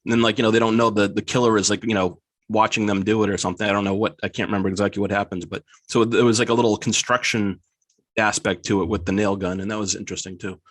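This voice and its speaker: A man's voice: lowish voice, steady tone, quick pace, a bit bright, dry recording, clean studio sound. A man guest on a podcast, rambling casually about a movie, filling nearly every phrase with "like" and laughing easily. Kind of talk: casual chat.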